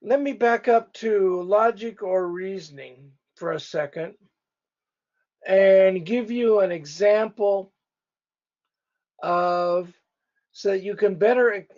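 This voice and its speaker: A man's voice: high voice, a little mellow, dull audio. A male pastor teaching a church couples class in a conversational way, speaking directly to the couples in the room.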